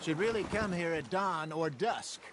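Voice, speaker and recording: An actor playing a wry, seasoned outlaw who spins folksy, unhurried fishing yarns in a video game. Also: male voice, on the high side, noisy background, lightly acted. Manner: folksy, unhurried yarn-spinning.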